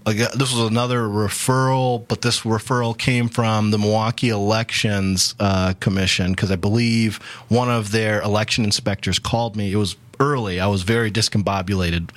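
A man being interviewed on a talk radio show, telling stories quickly and casually with lots of fillers. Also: fairly low pitch, dry recording. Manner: quick, chatty, many fillers. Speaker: guest, voter ID coalition coordinator.

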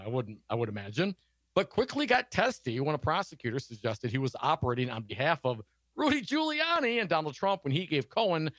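Lively sarcastic male news reader. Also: medium pitch, no echo. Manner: reads news aloud with sarcastic asides. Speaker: co-host reading news. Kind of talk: political talk show commentary.

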